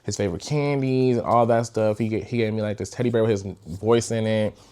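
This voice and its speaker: Young man, fairly low voice, casual storytime podcast host, chatty, animated, lots of fillers. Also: a little fast, clean tone.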